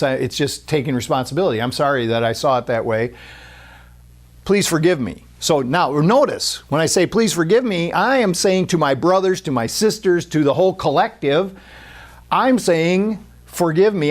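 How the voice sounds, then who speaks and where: Earnest high-voiced male preacher. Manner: earnest, repetitive, with many restarts and acted-out quotes. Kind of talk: spiritual sermon.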